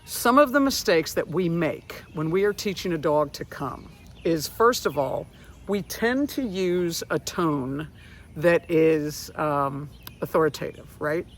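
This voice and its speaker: A woman dog trainer explaining recall outdoors, switching to high, cheerful calls to the dog. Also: lively intonation, a little slow, a little hiss or hum. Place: outdoors on a street.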